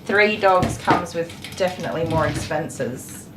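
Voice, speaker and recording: An Australian woman groomer talks casually while she works, dropping into soft, coaxing tones to settle a nervous dog. Her voice sits a little low. The room is echoey, and a steady noise runs underneath. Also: a little slow. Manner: soothing a restless dog between chatty stories, soft and coaxing. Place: grooming salon.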